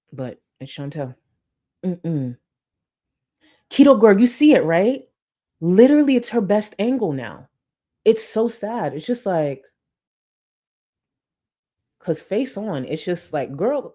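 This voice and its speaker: A woman's voice: low-pitched, dark tone. A woman host giving blunt, profane, sarcastic reaction commentary on a streamer's clips.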